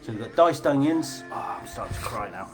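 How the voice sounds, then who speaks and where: A man's voice: medium pitch, animated, a little fast, soft background music. A man hosting a casual live cooking class, chatty, jokey and informal as he demonstrates.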